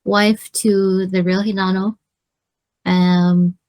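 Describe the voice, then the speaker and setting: Woman, from Hawaii, slow, even tone, brief. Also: medium pitch.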